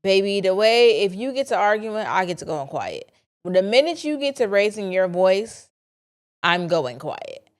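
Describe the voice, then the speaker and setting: This young woman's mid-range voice swings widely in pitch as she talks, unhurried, on her casual solo podcast. As host, she is candid and chatty, confiding in her listeners.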